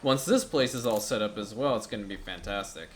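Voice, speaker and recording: A man giving casual, chatty commentary over a city-building game, turning gleeful and loud when something delights him. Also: lowish voice, brisk, a little hiss or hum. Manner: chatty, excitable, bursts into gleeful shouting. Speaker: gaming YouTuber.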